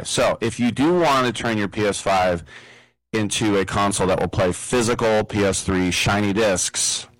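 A man's voice: lowish voice, no room sound, rough recording. A man hosting a casual radio talk show, rambling and joking with lots of fillers, on a studio microphone. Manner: rambling, jokey, with many fillers.

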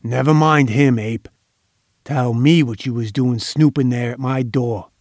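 A man's voice: medium pitch, steady tone, measured pace, a little mellow, dry recording, studio quality. A man doing a roaring, brutal gang boss. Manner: roaring, menacing, bullying. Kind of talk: audiobook character voice.

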